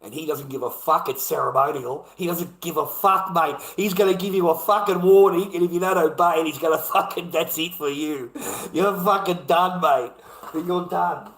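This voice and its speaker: A man's voice: a little high, normal speed, fairly bright tone, roomy sound, low-quality recording. Ranting, swearing Australian man. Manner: profane, heated, repetitive. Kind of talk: ranting monologue to camera.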